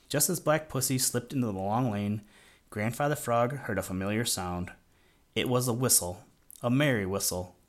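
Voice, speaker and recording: Man reading a children's storybook. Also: medium pitch. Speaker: audiobook narrator. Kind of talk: scripted narration of a children's story.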